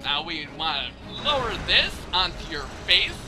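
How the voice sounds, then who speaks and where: A man's voice: on the high side, sing-song, a little slow. A man giving casual let's play commentary, joking and swearing at the character on screen. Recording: game music loud behind voice.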